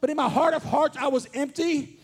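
A man, preaching a fervent sermon as pastor, shouting his points and mixing in joking asides. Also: very high voice, fairly even intonation, fairly quick. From Kentucky. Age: 40s.

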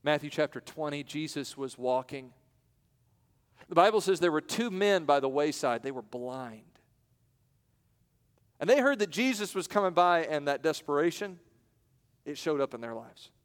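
A man preaching a sermon in a church, with dramatic pauses, and acting out the voices in the stories he tells. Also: a little high, expressive, smooth, long reverb tail. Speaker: pastor. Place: church sanctuary.

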